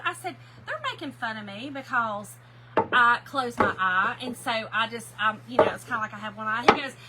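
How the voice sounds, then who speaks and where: A woman's voice: fairly high pitch, animated, moderate pace, bright, forceful tone, slight background noise, rough recording. A middle-aged woman, telling a story to her viewers while she paints, laughing often and calling them "y'all". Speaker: craft livestream host.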